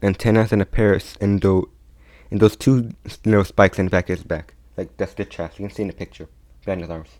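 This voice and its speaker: A young man casually retelling a fan-made story, halting often and restarting his sentences. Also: low-pitched, flat delivery, a little mellow. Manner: halting, many restarts and repeats.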